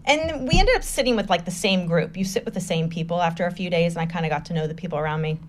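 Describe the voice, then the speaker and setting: A woman, a nonprofit founder being interviewed, tells stories in a lively way and acts out the voices of people she quotes. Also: on the low side, fast. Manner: animated, acts out quoted voices, laughs often. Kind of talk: casual interview storytelling.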